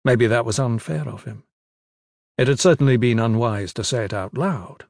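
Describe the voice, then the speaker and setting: A man narrating a fantasy novel in a measured, even storytelling manner into a close studio mic. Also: medium pitch, creaky, no echo. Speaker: audiobook narrator.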